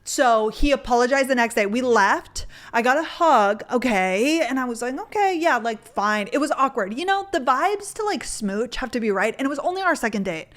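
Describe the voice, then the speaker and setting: A woman's voice: on the high side, lively intonation, moderate pace, hardly any pauses, fairly bright tone. A young woman telling a dating story in a casual, rambling way, with lots of "like" and gushing asides. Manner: gushing, rambling, filler-heavy with frequent "like". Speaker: vlogger.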